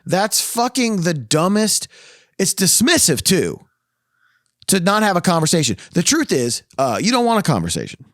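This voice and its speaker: A man's voice: sits high, very animated, normal speed, fairly bright tone, no room sound, clean studio sound. Guy going off on a podcast rant, swearing nonstop, voice swinging wildly. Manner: heated, profane ranting. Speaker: podcast co-host. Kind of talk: casual podcast chat. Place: podcast studio.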